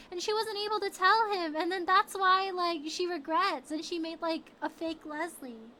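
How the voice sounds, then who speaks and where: A young woman streaming a game, reacting to its story with loud gasps and excited outbursts. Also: very high voice, normal speed, few pauses, slight background noise, low-quality recording.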